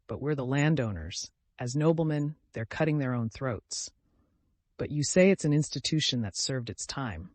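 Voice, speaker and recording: A man's voice: mid-range voice, dry recording, close to an everyday voice. A man voicing an older country landowner with grey whiskers, genial and reflective, in a storybook reading.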